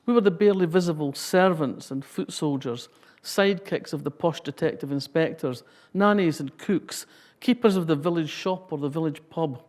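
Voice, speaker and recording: A woman's voice: deep voice, normal speed, hardly any pauses, darkish tone. A Scottish woman in her sixties giving a public talk, reading a passage and then telling wry, humorous anecdotes.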